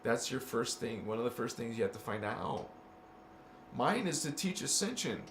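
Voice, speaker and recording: A man's voice: mid-range voice, very animated, moderate pace, vocal fry, fairly bright tone. Rambling man in an echoey room. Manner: meandering, with frequent restarts and stammered repeats. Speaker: spiritual vlogger. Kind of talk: rambling casual monologue to camera. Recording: echoey room with faint background noise.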